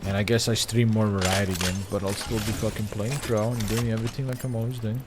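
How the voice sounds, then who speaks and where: A man's voice: fairly low pitch, little pitch movement, fast talker, heavy background noise. A man streaming a game, chatting casually with viewers and a teammate, swearing freely and laughing often. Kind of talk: casual gaming stream chat.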